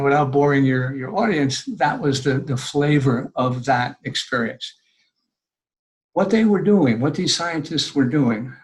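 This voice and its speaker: An older man speaking as a podcast guest, giving earnest, conversational advice and acting out people's words in lively voices. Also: mid-range voice, poor audio.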